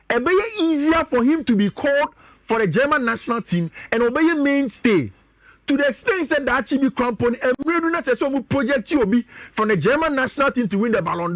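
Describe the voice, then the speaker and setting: A man's voice: extremely high pitch, a bit bright, dry recording, dull audio. A man with a Ghanaian accent, talking as a sports pundit on a radio show, chatty and often addressing his co-host.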